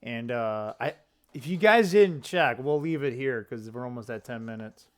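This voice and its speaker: Animated man ranting off the cuff. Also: mid-range voice. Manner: rambling, opinionated, fast asides and self-corrections. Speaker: political commentary channel host. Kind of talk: casual political commentary vlog.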